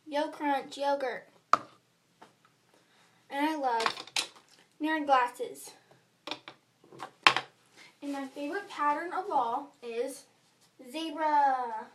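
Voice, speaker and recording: A bubbly twelve-year-old girl from the USA introduces herself in a casual bedroom vlog. Her voice is high and she talks at an unhurried pace, chatty and playful. She sits a little away from the mic, so she sounds slightly distant. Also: noisy background. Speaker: vlogger.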